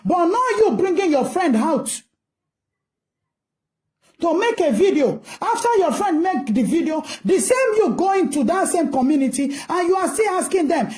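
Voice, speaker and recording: A woman's voice: very high voice, sing-song, normal speed, darkish tone. A Nigerian woman giving ranting commentary, scolding and asking rhetorical questions in a mix of English and Pidgin.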